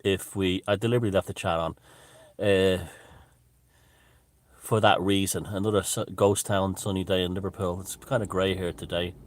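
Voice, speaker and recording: A man hosting a casual livestream, chatting loosely and digressively while answering viewer comments, with frequent pauses and fillers. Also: low voice, fairly even intonation, no room sound. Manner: rambling and digressive, many fillers. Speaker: livestream host.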